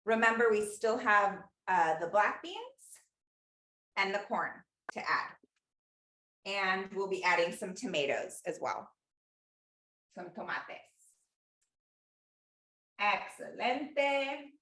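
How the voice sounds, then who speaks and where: A woman leads a cooking lesson, talking slowly and chattily and slipping Spanish phrases in between her stories. Her voice sits in a middling range. The kitchen around her is bare and echoey. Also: medium pitch, animated, sharp tone. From Los Angeles. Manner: chatty storyteller, mixes in Spanish words. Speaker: cooking class instructor. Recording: echoey room.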